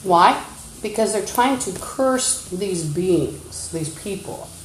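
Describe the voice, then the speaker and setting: A woman's voice: mid-range voice, animated, slow, a little hiss or hum. Agitated woman ranting in an echoey room. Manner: agitated, insulting, accusatory. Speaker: livestreamer. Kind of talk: rambling livestream rant. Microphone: phone.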